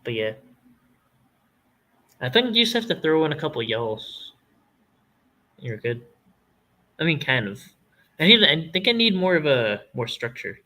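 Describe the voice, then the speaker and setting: Canadian guy just chatting on stream, bright voice, rambly and jokey, swears a lot. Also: a little high, sing-song, normal speed, pauses often, low-quality recording. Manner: rambling, joking, swears freely. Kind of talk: casual chat.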